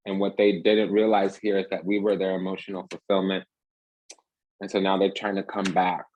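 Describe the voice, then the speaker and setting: A man's voice: low-pitched, darkish tone, poor audio. A man giving a rambling, emphatic casual tarot reading, talking restlessly from card to card. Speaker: tarot reader.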